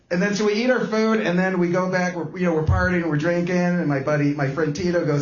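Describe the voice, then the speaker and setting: A man's voice: high-pitched, steady tone, fast, hardly any pauses, echoey room, lo-fi sound. A man doing live stand-up comedy with a guitar, telling a story in rambling bursts full of restarts. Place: small comedy club.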